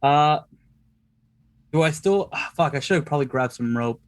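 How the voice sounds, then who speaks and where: A man's voice: a little high, lively intonation, moderate pace, clear, resonant tone. A man playing a tabletop role-playing game, casual and thinking aloud with many fillers. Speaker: player.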